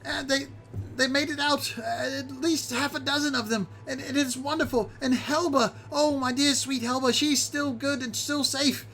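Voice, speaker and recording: A man plays a small, excitable goblin girl who tumbles over her own words. Her voice sits high, breathless and babbling, never finishing one thought before the next starts. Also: moderate pace. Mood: frantic.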